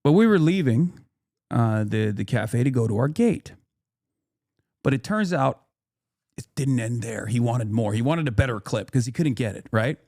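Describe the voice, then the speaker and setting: A man's voice: medium pitch, animated, normal speed, a little mellow, no room sound, clean studio sound. A man streaming casual commentary, swearing freely and rambling in an indignant tone.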